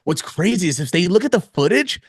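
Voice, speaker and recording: A young man with a slightly high voice, recorded close and dry, spinning a story on a podcast. He talks in an animated, profane rush. He keeps jumping into loud re-enactments of his own lines. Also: a little fast, slightly rough, no echo. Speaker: podcast co-host. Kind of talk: casual storytelling chat.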